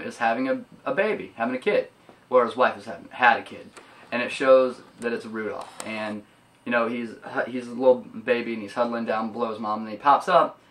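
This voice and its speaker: A man's voice: mid-range voice, fairly bright tone. A young man casually recapping a movie's plot in a loose, rambling way, with casual swearing. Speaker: movie reviewer. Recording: voice a bit far from mic.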